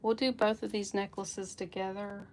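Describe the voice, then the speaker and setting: A woman's voice: medium pitch, level tone, normal speed, a little hiss or hum. A woman hosting a live jewelry sale stream, chatting casually with viewers by name and laughing often. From United States.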